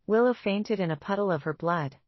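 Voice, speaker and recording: A woman giving scripted romance narration in an even, steady reading. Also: mid-range voice, brisk, no room sound, highs cut off.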